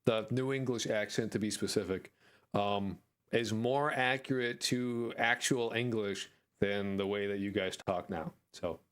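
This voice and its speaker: A man's voice: fairly low pitch, steady tone, unhurried, clean tone. An American man chatting on a live stream, rambling and jokey, with crude language. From United States. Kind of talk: casual live-stream chat.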